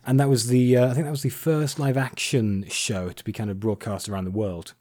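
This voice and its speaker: A man's voice: mid-range voice, flat delivery, a little fast, mellow, no echo, clean studio sound. A man hosting a casual podcast chat, explaining at length with frequent fillers and restarts. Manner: rambling, many fillers and restarts. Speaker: podcast host.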